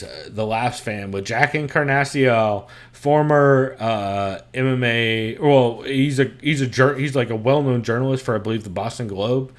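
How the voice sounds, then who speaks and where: A man hosting a podcast, chatting casually from his room at home, rambling, laughing often and swearing freely. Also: medium pitch. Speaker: podcast host.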